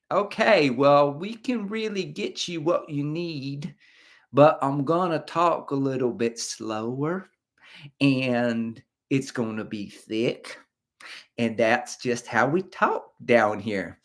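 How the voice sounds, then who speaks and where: A man voicing a friendly Texan local who talks slowly with a thick drawl. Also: medium pitch, animated, voice pushed up. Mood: folksy. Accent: Texan, put on.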